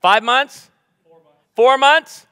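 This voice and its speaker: In a church sanctuary, a guest preacher in his forties delivers a humorous sermon, joking and bantering playfully with the congregation. His very high voice is slow, bright, forceful, and smooth, resonating through the large hall.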